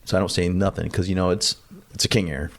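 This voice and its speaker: Man, gravelly voice, low pitch, interview guest, animated storyteller, blunt and salty. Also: fast talker. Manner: animated, acts out quoted dialogue. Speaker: podcast guest. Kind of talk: conversational storytelling.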